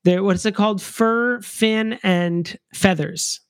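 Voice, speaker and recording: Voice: medium pitch, takes it slowly, smooth, no room sound. A podcast co-host recapping a children's book in a casual, joking way, with many fillers and wry asides.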